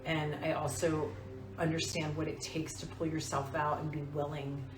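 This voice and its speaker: A woman's voice: low-pitched, flat delivery, moderate pace, over music. A woman in her forties hosting a casual live stream, talking in an earnest, confiding way about crystals. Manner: soft-spoken, earnest, confiding. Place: room with other people. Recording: roomy, distant mic.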